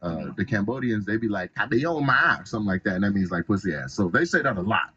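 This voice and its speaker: A man's voice: fairly low pitch, fast, husky, dull audio. A young adult man from the Pacific Northwest, a stand-up comedian telling stories in a casual interview, acting out voices and laughing a lot. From Tacoma, Washington. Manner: animated storyteller who acts out voices and laughs a lot.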